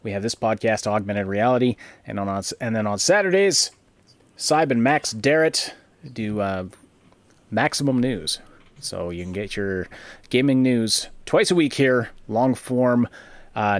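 A man's voice: on the low side, animated, a little slow, no echo. A man hosting a gaming podcast, chatting casually and rambling through fillers and restarts. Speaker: podcast host.

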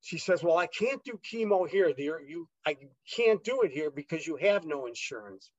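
A man guest with a fairly high voice tells his story in a casual, rambling way, stumbling over restarts and acting out what others said. The recording sounds dull and lo-fi, close and without room echo. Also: lively intonation, normal speed. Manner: rambling, many fillers and restarts, re-enacts dialogue.

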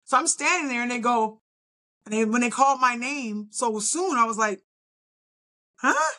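This middle-aged woman, a bodybuilder appearing as a podcast guest, recounts her experience in an easygoing, spirited way while acting out her responses. She speaks at a moderate pace with a somewhat high voice.

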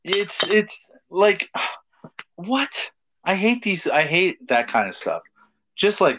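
A man's voice: sits high, sing-song, slow pace, fairly bright tone. A man co-hosting a casual talk show, telling stories animatedly, laughing, swearing and acting out quotes. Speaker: podcast co-host. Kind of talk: casual chat, storytelling. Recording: dull lo-fi sound.

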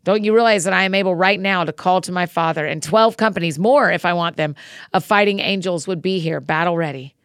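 A woman voicing Jesus as a calm, direct man speaking firmly. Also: fairly low pitch, brisk, smooth, no room sound, clean studio sound, lightly acted. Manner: firm, direct rebuke.

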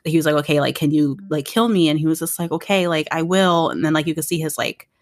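A woman co-host talks through favorite scenes in a rambling, heartfelt, casual way. Her voice sits on the low side and sounds dry and close. Her tone stays easygoing and chatty. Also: quick pace, dry recording. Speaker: podcast co-host. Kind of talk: casual chat recapping a drama.

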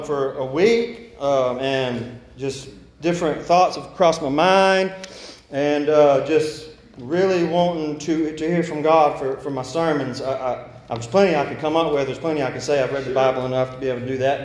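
Halting young preacher in an echoey church. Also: male voice, on the high side, slight background noise. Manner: halting, many restarts and fillers; slow measured scripture reading. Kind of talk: sermon. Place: church sanctuary.

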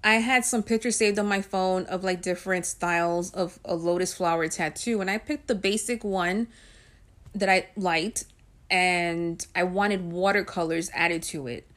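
A woman's voice: fairly low pitch, steady tone, measured pace, a bit bright. Woman vlogger, chatty personal storyteller, loose and conversational with plenty of filler words. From Guyanese and Puerto Rican heritage. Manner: chatty, with frequent ums and likes.

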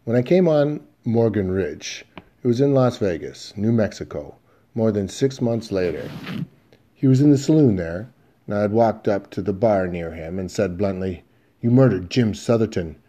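A man narrating a western audiobook in the first person, in a steady, measured storytelling manner. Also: lowish voice.

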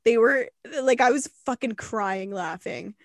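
A young woman co-hosting a podcast, telling a story in a casual, animated way, laughing and swearing often. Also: a little high, unhurried. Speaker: podcast co-host.

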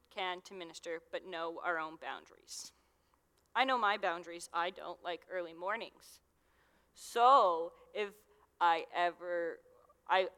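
A woman's voice: medium pitch, fairly bright tone, clear, resonant tone. A young adult woman giving a casual, conversational sermon as a youth minister, with lots of fillers. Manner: chatty, conversational, with many fillers. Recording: long hall reverb.

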